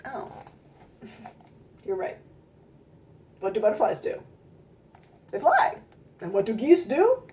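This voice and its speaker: A woman reading a children's picture book aloud in an expressive storytime voice, stopping to ask listeners questions and comment. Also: on the high side, slow, long pauses.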